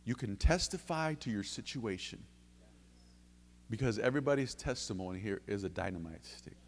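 A man preaching a sermon in a church, fervent, dropping to low intimate tones and then rising to loud bursts. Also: lively intonation, moderate pace, big-room sound. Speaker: lay preacher giving testimony. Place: church sanctuary.

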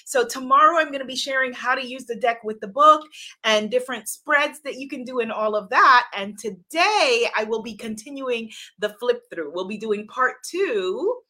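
Bubbly bright-voiced woman hosting a live stream. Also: fairly high pitch, expressive, moderate pace. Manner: effusive, greets viewers by name, laughs often. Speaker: host of a live stream, oracle deck author. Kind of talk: enthusiastic live-stream chat.

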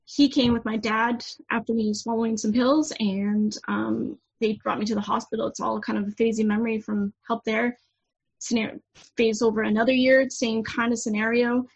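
A woman in her thirties telling her personal story frankly as a podcast guest, halting with many fillers. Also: on the high side, level tone, gravelly, husky. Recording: dull lo-fi audio.

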